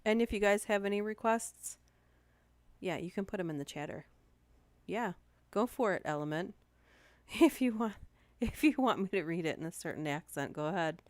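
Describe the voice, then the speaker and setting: A woman streamer who reads stories aloud to her live chat and talks softly because she is close to the microphone. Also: mid-range voice, animated, normal speed, no room sound. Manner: soft-spoken, close to the mic.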